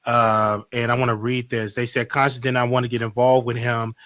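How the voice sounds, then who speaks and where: Bright, dry-sounding interview host man. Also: mid-range voice, flat delivery, a little fast, no room sound. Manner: casual, reads questions, short affirmations. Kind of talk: livestream interview.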